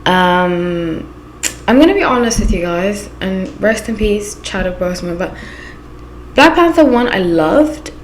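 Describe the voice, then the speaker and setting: A woman's voice: mid-range voice, lively intonation, a little slow, slight background noise. Chatty Zimbabwean woman in an echoey room. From Southern Africa. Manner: chatty, anecdotal storytelling with frequent asides. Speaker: tarot channel host. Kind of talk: casual chat.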